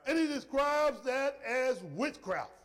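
A male preacher giving an emphatic sermon, swinging between shouted points and soft, low asides. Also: very animated, slow pace. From rural area. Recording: long hall reverb.

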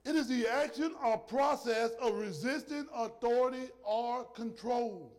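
A male preacher giving an emphatic sermon, swinging between shouted points and soft, low asides. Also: a little slow. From rural area. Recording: long hall reverb.

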